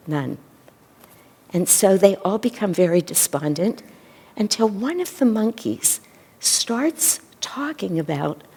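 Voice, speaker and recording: A woman minister preaches a sermon, gently telling a sacred story at a very slow, unhurried pace. Her tone is dark and mellow, with a slightly low pitch. A long reverb fills the temple around her. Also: creaky, husky.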